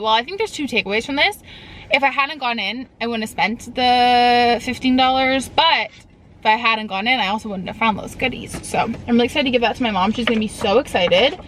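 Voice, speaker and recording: A young woman from Canada chatting casually to her phone camera while running errands, animated and swearing now and then. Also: fairly high pitch, a little hiss or hum, rough recording. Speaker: vlogger. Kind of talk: casual vlog chat.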